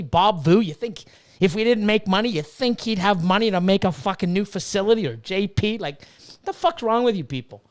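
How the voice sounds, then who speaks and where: A man's voice: sits high, a little fast, smooth. A man in his fifties ranting casually on a livestream, swearing freely and reading viewers' chat aloud. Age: 50s. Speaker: livestream host and snake breeder.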